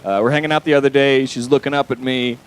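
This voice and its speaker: A man's voice: mid-range voice, fairly even intonation, quick pace, clear, resonant tone, rough recording. A young man performing a stand-up comedy set on a club stage, talking loosely with lots of fillers and crude asides.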